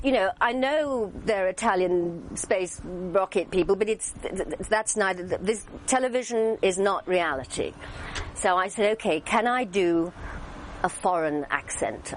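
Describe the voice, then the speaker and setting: A woman's voice: lowish voice, slight background noise, rough recording. An older woman with an English accent, telling anecdotes in an interview, chatty with many fillers and restarts. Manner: lively storyteller, acts out quoted voices. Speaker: actress interviewee.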